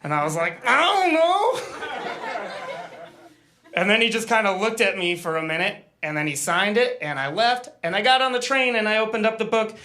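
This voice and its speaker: A man's voice: high voice, lively intonation, quick pace, few pauses, background noise. A man doing a live stand-up set, telling a self-deprecating story with stammers and acted-out quotes. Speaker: stand-up comedian. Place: live comedy stage before an audience.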